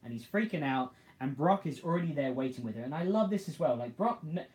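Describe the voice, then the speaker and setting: A man's voice: on the high side, animated, quick pace, a little mellow. A man co-hosting a casual podcast review, laughing a lot and acting out scenes. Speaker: podcast co-host. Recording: echoey room.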